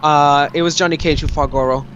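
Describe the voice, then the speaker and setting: A man's voice: on the high side, fairly even intonation, brisk, fairly bright tone, lo-fi sound, a little hiss or hum. A young man hosting a gaming video, rambling casually as he retells movie scenes. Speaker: let's play host. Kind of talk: casual gameplay commentary.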